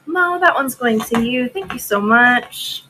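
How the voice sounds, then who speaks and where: A woman's voice: a little high, lively intonation, a little slow, pushed and bright, slight background noise, poor audio. A woman hosting a casual live-stream auction, chatting with viewers by name and laughing often.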